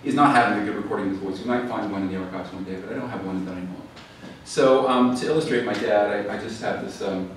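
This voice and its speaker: Speaking fast in a lowish voice, a man tells stories to a live audience at a library event hall, chatty and prone to fillers and restarts. The mic sits at a distance, so the sound is echoey with faint noise.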